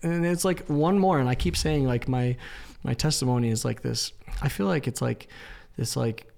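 A man, a missionary guest in an interview, telling a lively story with lots of "like" and acted-out quotes. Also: mid-range voice, normal speed, vocal fry. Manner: animated storyteller, acts out quoted lines, frequent "like".

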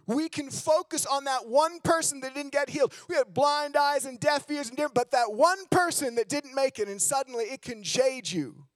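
A man's voice: normal speed, few pauses, no room sound. Candid, self-mocking preacher man. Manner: swings between loud emphasis and low hushed lines. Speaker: guest preacher. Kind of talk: sermon. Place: church sanctuary.

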